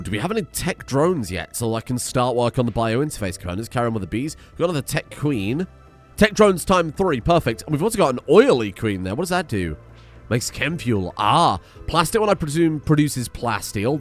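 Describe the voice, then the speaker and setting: A young man giving excitable, chatty let's play commentary and swearing freely. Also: mid-range voice. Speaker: gaming streamer.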